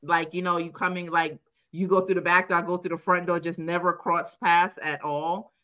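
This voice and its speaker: Bright-voiced woman telling a profane story. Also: lowish voice, moderate pace. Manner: profane, animated, quotes herself, laughs often. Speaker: podcast co-host. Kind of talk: casual chat, personal storytelling.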